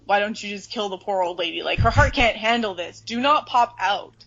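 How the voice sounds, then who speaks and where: A woman's voice: medium pitch, a little fast, a bit bright, muffled recording. A woman co-hosting a podcast, chatting casually and animatedly about a book, swearing freely and acting out the characters. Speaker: podcast co-host.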